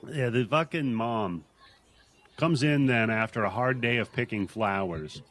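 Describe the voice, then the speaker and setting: A man's voice: medium pitch, measured pace, fairly bright tone. A man hosting a podcast, casually and profanely recapping a horror movie, now and then mimicking the characters. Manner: profane, mocks characters in put-on voices. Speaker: podcast host.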